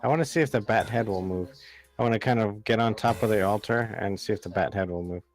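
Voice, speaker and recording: A man's voice: on the low side, fast talker. A man playing in a tabletop game, eagerly laying out what his character tries to do. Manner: eager, plainly describing his plans. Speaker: player. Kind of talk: casual game chat.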